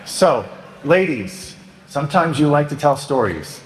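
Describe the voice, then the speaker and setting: Joking priest in an echoey hall. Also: male voice, fairly high pitch, a little slow, background noise. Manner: joking, animated, mimics penitents. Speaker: Catholic priest. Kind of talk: humorous homily. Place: church.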